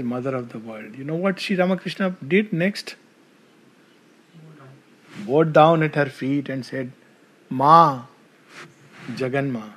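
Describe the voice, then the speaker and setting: An Indian English man gives an animated devotional talk to a gathered audience. He tells stories in a fairly high voice and keeps turning to the listeners with questions. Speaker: spiritual speaker.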